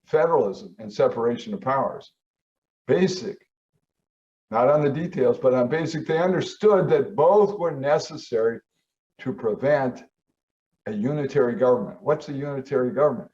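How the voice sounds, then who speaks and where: A man's voice: medium pitch, moderate pace, a little mellow. An older man, a professor hosting his show, lecturing emphatically and posing rhetorical questions. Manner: emphatic, rhetorical questions, quoting founding texts. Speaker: host, professor. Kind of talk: lecture-style commentary. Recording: slightly distant, dull lo-fi sound.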